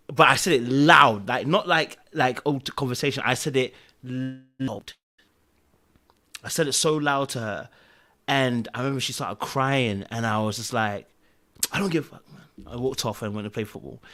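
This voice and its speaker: A young man chatting casually on a podcast, telling a story with lively acted-out quotes and filler like "da, da, da". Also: mid-range voice. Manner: animated storytelling, acts out quotes, fills with "da, da, da".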